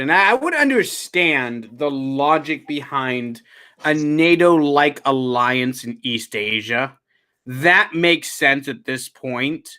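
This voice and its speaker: A man's voice: a little high, sharp tone, smooth. A man co-hosting a casual political podcast, talking in a sarcastic, profane way. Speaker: podcast co-host.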